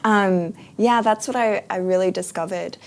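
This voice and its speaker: A woman's voice: mid-range voice, moderate pace, gravelly. A woman talking as an interview guest in a casual, earnest and reflective way, with frequent fillers.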